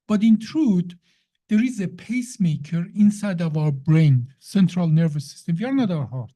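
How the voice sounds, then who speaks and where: A woman's voice: fairly low pitch, animated, normal speed, mellow. A woman explaining how the brain works in a conversation, in an emphatic, teacherly way, often putting questions to the listener. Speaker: science guest explaining the brain.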